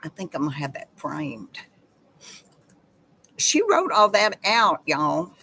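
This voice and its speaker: A woman hosting a relaxed chat with her viewers, speaking slowly and from the heart. She reads with feeling and talks to her audience like friends. A faint hiss sits under her voice. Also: deep voice, low-quality recording. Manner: slow, heartfelt, emotional reading. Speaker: channel host. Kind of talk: casual chat with live viewers.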